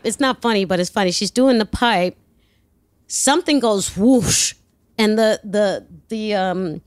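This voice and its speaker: Lively New woman telling stories. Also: medium pitch, no room sound. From New York. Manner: animated, lively storyteller who acts out dialogue. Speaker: actress guest. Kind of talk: interview storytelling.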